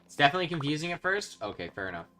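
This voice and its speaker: Excitable young man doing game commentary. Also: a little high, rapid-fire. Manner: excitable, shouts when thrilled, then mutters quietly. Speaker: gaming video host. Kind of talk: casual let's-play commentary.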